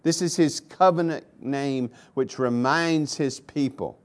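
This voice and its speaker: A man's voice: medium pitch, slow, few pauses. Man preaching an emphatic sermon. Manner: emphatic, repeats phrases for emphasis, swings loud and soft. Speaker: pastor. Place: church.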